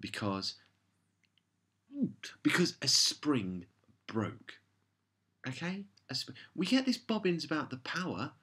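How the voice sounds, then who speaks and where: A man's voice: fairly high pitch, sing-song, slow, pauses often, pushed and bright, husky. A man delivering a casual, rambling review monologue, sarcastic and exasperated. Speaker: show reviewer.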